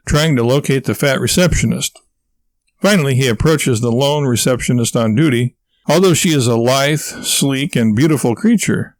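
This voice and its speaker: A man narrating a comic novel in an even, wry storytelling manner. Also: medium pitch, no room sound. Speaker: audiobook narrator. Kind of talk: scripted narration.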